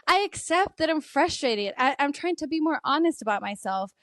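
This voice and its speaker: Lively intonation and a slightly bright tone mark this thirtysomething podcast guest, who speaks at normal speed. Open and emotional, she laughs often and quotes herself in a higher voice during candid interview talk, recorded echo-free at studio quality.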